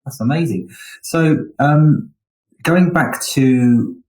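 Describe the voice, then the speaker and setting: A man's voice: a little high, takes it slowly, darkish tone, low-quality recording. A man hosting a podcast interview, affirming his guest enthusiastically and restarting his questions. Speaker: podcast host. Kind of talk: interview conversation.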